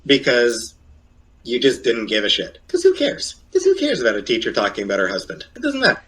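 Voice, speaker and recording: Rambling man with a lively, jumpy voice. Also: brisk. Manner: rambling and hesitant, with sudden high leaps of pitch. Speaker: streamer in a reacted-to clip. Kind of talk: casual streaming chat.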